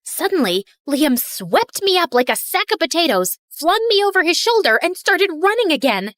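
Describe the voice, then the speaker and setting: A young woman narrating her own animated story in first person, bubbly and playful. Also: extremely high pitch, normal speed, no room sound, clean studio sound.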